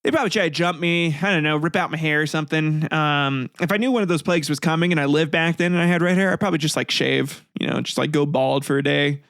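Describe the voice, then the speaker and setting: Man, podcast host, comedic history reading, laughs a lot, swears, slightly high voice, dry close sound. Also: fast talker, hardly any pauses, a bit bright, no echo. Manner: laughs often, swears, rambling asides.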